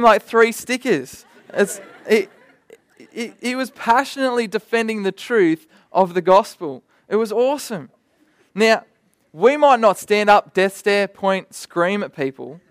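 A young man preaching a sermon in a lively, conversational way, with vivid asides and stories. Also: high-pitched, no room sound.

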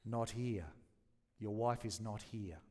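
A man voicing a hollow, hideous echo that answers slowly in a low, flat, final tone. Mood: ominous.

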